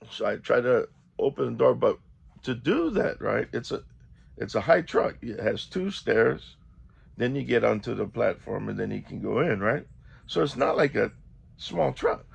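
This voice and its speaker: Gravelly, animated storytelling man. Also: medium pitch. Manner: animated, acts out quotes. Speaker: vlogger. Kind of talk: casual storytelling.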